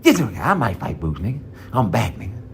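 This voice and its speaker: Man putting on a gruff dad, barking, bossy, gravelly. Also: mid-range voice, huge pitch swings, a little fast, a little hiss or hum. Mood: scolding. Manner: barking, bossy, street slang. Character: gruff threatening father scolding his adult son.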